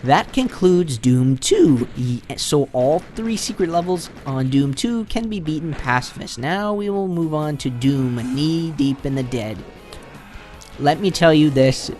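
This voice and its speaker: A man's voice: fairly high pitch, animated, measured pace, a little mellow, soft background music. A man doing a casual, rambling voice-over commentary on his own gameplay, often retelling his reactions. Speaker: channel host.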